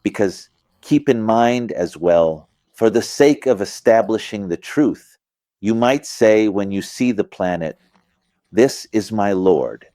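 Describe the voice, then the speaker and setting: Speaking a little slowly in a lowish, dark voice, a middle-aged man teaches an informal religious lesson in an animated, conversational way. He acts out phrasings with emphasis and checks in with "you get it?", all in a dry recording.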